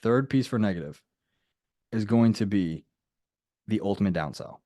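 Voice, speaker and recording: A man's voice: on the low side, lively intonation, moderate pace, warm tone, no echo, studio quality. A man leading a group coaching call, talking casually and emphatically and repeating his key points. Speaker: sales coach.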